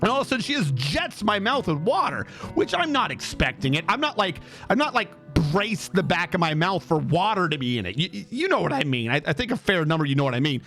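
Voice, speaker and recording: High, lively man laughing through a story. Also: brisk, few pauses, faint music behind. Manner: animated, laughs often, jumps up high in pitch. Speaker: streamer. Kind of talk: casual storytelling on a live stream.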